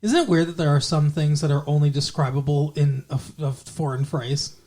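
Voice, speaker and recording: A man's voice: fairly high pitch, a little fast, warm tone. A man co-hosting a podcast in casual chat, joking and rambling. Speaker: podcast co-host.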